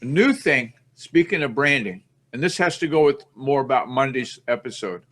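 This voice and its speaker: A man's voice: medium pitch, lively intonation, moderate pace, fairly bright tone. A man hosting a podcast in a rambling, chatty way, poking fun at himself as he goes. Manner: rambling, chatty, self-mocking. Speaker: podcast host. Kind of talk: casual podcast chat.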